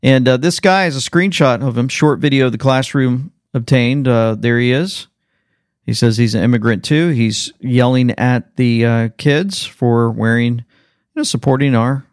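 A man hosting political commentary in an animated, sarcastic manner, reacting to clips. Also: mid-range voice, moderate pace, no echo, studio quality. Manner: animated, sarcastic, jumps between clips and remarks. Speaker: commentary host.

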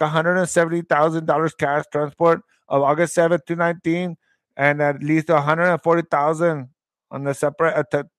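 A man from the Texas stretch of the US–Mexico border hosts a show, reading news headlines aloud and interrupting with casual, wry remarks and the occasional Spanish interjection. His voice sits high and a bit bright, in a dry recording.

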